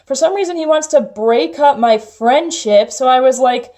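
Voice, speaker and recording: A woman's voice: high-pitched, moderate pace, dark tone. A young woman vlogger telling a personal story in a chatty, casual way, full of "like" fillers. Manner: chatty, heavy use of "like" fillers.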